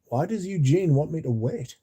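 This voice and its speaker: Mellow, sweary man chatting. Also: fairly high pitch, lively intonation, moderate pace, husky, dry recording. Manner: rambling and sweary, chatting to viewers. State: sleepy, yawning. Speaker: livestream host. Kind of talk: casual livestream chat.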